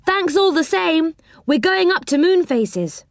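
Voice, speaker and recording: A woman voicing an eager young boy who leads the other children in a read-aloud story, sounding bright and encouraging. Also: very high voice, animated, a little slow, no room sound, studio quality, pitched above the performer's own voice, heavily acted.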